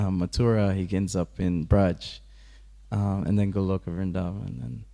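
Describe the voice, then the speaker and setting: A man's voice: fairly low pitch, mellow. A man giving a scripture class, telling the story in a casual, chatty way, often laughing and acting out the characters. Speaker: temple class speaker.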